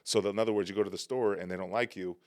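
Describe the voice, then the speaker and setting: Fast-talking man on a podcast, animated. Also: on the low side, no echo, clean studio sound. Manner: animated storyteller, mimics people's voices. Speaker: podcast co-host. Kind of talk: casual podcast chat.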